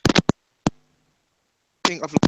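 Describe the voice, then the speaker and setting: A man chatting as a guest, telling relaxed, self-deprecating stories. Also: drawn-out words, no room sound. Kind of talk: casual online chat.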